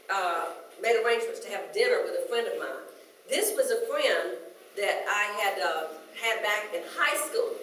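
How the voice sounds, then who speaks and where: A woman's voice: mid-range voice, a bit bright, slight background noise. Older woman minister, musing and conversational, recorded from a distance in a very reverberant sanctuary. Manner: conversational, reflective, with hesitant restarts. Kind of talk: sermon. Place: church sanctuary. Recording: very echoey room, mic at a distance.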